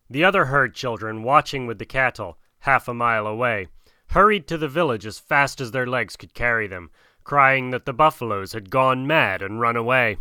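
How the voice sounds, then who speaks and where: Bright-voiced man reading a classic tale. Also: medium pitch, dry recording, clean studio sound. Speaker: narrator.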